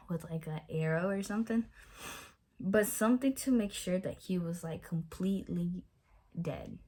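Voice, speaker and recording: A woman's voice: medium pitch, darkish tone. A young woman giving a casual Bible study, talking it through loosely with many fillers and restarts.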